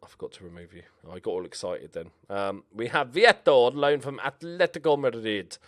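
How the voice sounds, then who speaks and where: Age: adult. Sex: man. Pitch: medium. Style: relaxed, chatty video game guide commentary, thinking aloud, self-mocking. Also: a little fast. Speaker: gaming YouTuber.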